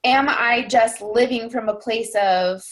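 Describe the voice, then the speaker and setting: A woman's voice: a little high, unhurried. Earnest young woman coaching her team. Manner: earnest, rambling, heavy on fillers like "you know" and "like". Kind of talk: casual team call talk.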